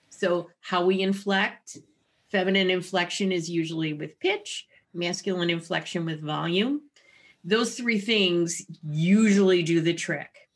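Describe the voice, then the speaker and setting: A woman voice therapist explaining her methods in an interview, with an animated, wide-ranging inflection. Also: fairly low pitch. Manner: explanatory and clinical.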